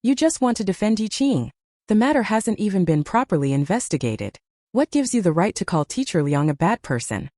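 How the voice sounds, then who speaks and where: A woman's voice: medium pitch, very animated, brisk, warm tone, dry recording, clean studio sound. A woman voicing a vain, lovestruck teenage rich girl who whines defensively. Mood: defiant.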